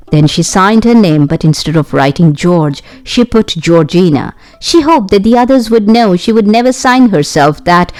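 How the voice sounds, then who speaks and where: A woman reading a children's adventure novel aloud as an audiobook, expressive and lively, lifting her voice for the young characters. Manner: expressive, raises her pitch for the children's lines. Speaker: audiobook narrator. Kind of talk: storybook narration with character voices.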